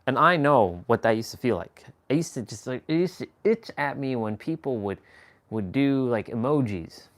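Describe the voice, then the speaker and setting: A man's voice: medium pitch, lively intonation, normal speed. Easygoing man rambling on a live stream. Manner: rambling, slangy, chuckling asides. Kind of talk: casual chat.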